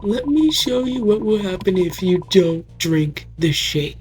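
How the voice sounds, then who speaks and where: A woman with a scratchy voice voicing a menacing male monster who makes slow, taunting threats. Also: mid-range voice, animated, a little mellow, close to an everyday voice.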